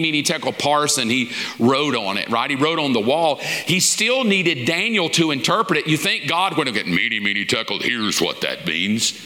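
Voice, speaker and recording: A man preaching with a bright, ringing tone, a touch higher than most men. His sermon is folksy and informal, dotted with acted-out asides, and it echoes with the long reverb of a big church hall. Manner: folksy and informal, acting out little quoted asides. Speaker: pastor teaching a lesson series. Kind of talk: conversational sermon.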